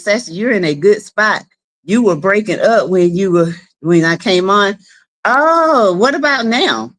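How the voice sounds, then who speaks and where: Her voice sits high with a fairly bright tone as she livestreams casually from home. The South Carolina host chats with her viewers, calling them by name and laughing a lot.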